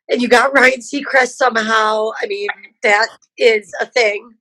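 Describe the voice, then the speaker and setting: A woman's voice: fairly high pitch, slow, fairly bright tone, no echo, rough recording. A woman giving judge feedback over a video call, emotional, giggly and apologetic. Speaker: contest judge.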